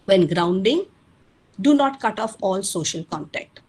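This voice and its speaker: Husky woman giving a parenting webinar, earnest, talks straight to the parents. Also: medium pitch, lively intonation, measured pace, darkish tone, poor audio. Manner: earnest, advising, addresses parents directly. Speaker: parenting speaker. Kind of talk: webinar lecture.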